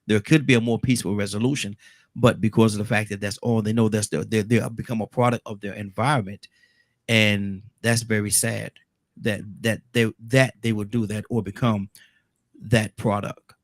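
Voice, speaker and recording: A man with a lowish voice hosts a call-in show, chatting casually with callers and restarting his sentences. He keeps up a steady stream of affirming murmurs. The studio sound is close and dry, with no room around the voice. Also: moderate pace, no echo. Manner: frequent affirming "mm-hmm", repeats and restarts. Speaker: radio call-in show host.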